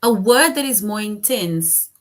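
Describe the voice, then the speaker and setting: Woman teacher talking real slow, walks kids thru examples, patient. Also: mid-range voice, expressive. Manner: patient, explaining with questions and examples. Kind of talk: online class lesson.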